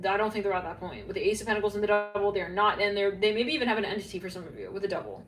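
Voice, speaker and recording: A woman's voice: medium pitch, very fast, few pauses, soft background music. Rambling tarot reader woman, echoey room. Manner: rambling, filler-heavy, laughs at herself. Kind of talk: casual psychic tarot reading to camera. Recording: echoey room, faint background hum.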